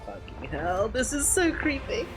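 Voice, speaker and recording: A young man streaming a game, chatting casually with viewers, excitable and swearing freely. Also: extremely high pitch, measured pace. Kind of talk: casual live-stream chat while gaming. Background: game music.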